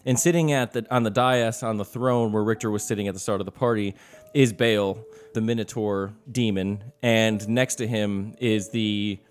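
A man running a tabletop game as game master, narrating scenes in a relaxed way with frequent chuckles. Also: lowish voice, normal speed.

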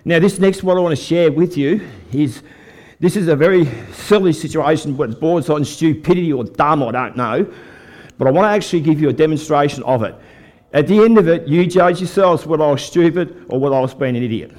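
He's an older Australian preacher whose fairly high voice moves fairly quickly. Sharing a folksy faith story as a testimony sermon, he plays lively with the live church audience.

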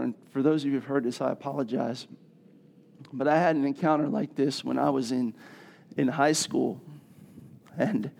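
A middle-aged man preaching a sermon, telling a personal story and building to loud, emphatic passages. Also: on the high side, vocal fry. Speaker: pastor.

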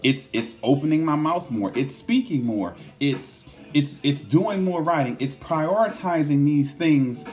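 A man's voice: on the high side, animated, unhurried, hardly any pauses, darkish tone, soft background music. A man giving an earnest motivational self-help talk, often repeating words and tagging his points with "right?". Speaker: motivational speaker.

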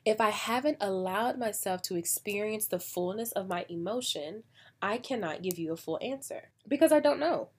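An American woman hosting a podcast in a casual, chatty way, acting out quoted voices with big jumps in pitch. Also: expressive, normal speed, slightly rough. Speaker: podcast host. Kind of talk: casual solo podcast talk.

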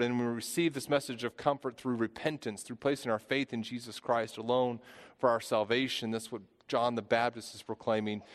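A man in his thirties preaching a sermon, earnest, often repeating and restarting phrases. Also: medium pitch. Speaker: pastor. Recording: long hall reverb.

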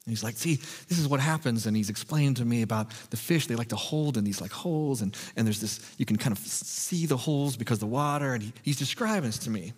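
A man preaching a sermon as pastor, telling a self-deprecating story in a relaxed, conversational way before moving into scripture. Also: medium pitch, fast, few pauses, slightly rough, in a large hall.

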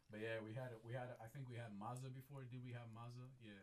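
A man's voice: medium pitch, flat delivery, fast, a crowd in the background. A man hosting a casual chat, laid-back and laughing often, leaning on "like" as filler, with an American-leaning accent.

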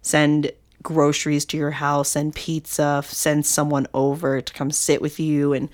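Woman co-host, young adult, deep voice, candid and emotional, filler-heavy casual talk. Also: monotone, measured pace, darkish tone. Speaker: podcast co-host. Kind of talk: casual podcast chat.

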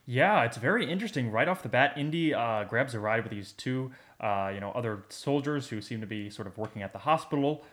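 A man's voice: medium pitch, animated, a little fast, few pauses, fairly bright tone. A man co-hosting a podcast in casual chat, enthusiastic and rambling with lots of fillers. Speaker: podcast co-host.

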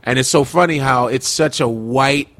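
A man from Chicago, a stand-up comedian and guest on a podcast, chatting casually and telling animated, profane stories that slip into voices. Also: mid-range voice, moderate pace. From Chicago, United States.

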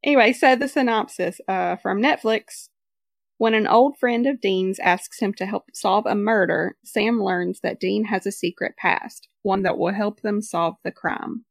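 A woman's voice: medium pitch, measured pace, vocal fry, dry recording, clean studio sound. A woman co-hosting a casual podcast, chatty and picky about details, reading summaries aloud. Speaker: podcast co-host. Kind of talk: casual chat.

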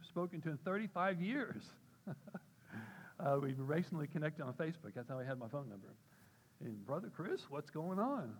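An older man giving a personal testimony talk at church, telling a story and acting out quoted voices with sudden jumps in pitch. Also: breathy edge, rough recording. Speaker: church speaker.

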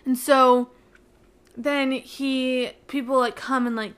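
Chatty young woman with a higher voice. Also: slow pace. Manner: chatty, heavy use of "like" fillers; excitable, avoids spoilers. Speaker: book reviewer. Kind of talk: casual book recap.

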